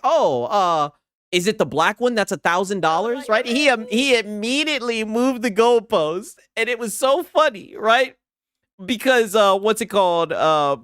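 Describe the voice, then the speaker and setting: A man riffs in casual commentary, sarcastic and teasing, with plenty of swearing. His voice sits a bit high and swings widely in pitch. The sound is dry, with no room around it. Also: lively intonation, moderate pace, fairly bright tone, no echo. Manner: mocking, sarcastic, profane. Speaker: host reacting to a streamer clip.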